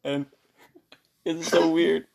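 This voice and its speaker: A man's voice: on the high side, drawn-out words, creaky. Young man telling a story with energy. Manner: animated, laughing, acts out quoted lines in a raised voice. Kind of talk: casual storytelling chat.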